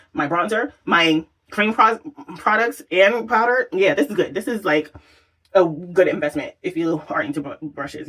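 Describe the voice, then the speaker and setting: A makeup vlogger talks casually through her tutorial, exclaiming and swearing freely as she works. Her voice is lowish, husky, and fairly bright in tone.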